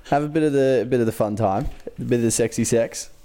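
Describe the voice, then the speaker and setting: A man's voice: mid-range voice, brisk, darkish tone. A man co-hosting a podcast, goofy and giggly, cracking jokes. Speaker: podcast co-host. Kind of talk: casual banter.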